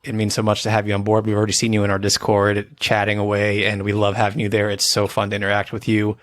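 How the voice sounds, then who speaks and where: A man co-hosting a casual podcast, joking around and slowing down for announcements. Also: lowish voice, monotone, a bit bright, no room sound. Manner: playful, jokey, slows down for announcements. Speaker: podcast co-host. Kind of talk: casual chat.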